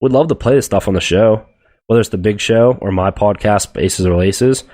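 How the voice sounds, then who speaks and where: A man's voice: lowish voice, normal speed, a little mellow. A young man hosting a solo sports podcast, ranting bluntly and profanely about teams, players and the media. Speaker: podcast host.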